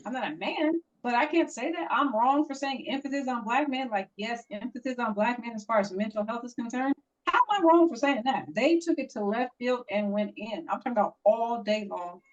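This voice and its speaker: A woman's voice: a little high, brisk. A woman co-hosting a casual podcast, telling a story in a heated, emphatic way. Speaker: podcast co-host. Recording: dull lo-fi audio.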